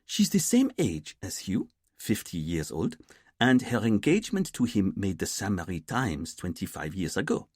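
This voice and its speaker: A man voicing a young female detective sergeant who speaks quickly, eagerly and matter-of-factly. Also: low-pitched, huge pitch swings, darkish tone, slightly rough, no echo, studio quality, full character voice. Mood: brisk.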